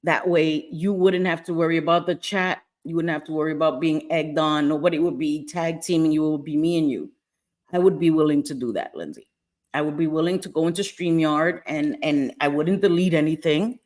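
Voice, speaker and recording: A woman's voice: deep voice, fairly quick, darkish tone. A woman with an American accent hosting a casual livestream, answering chat messages, laughing often and swearing casually. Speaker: livestream host.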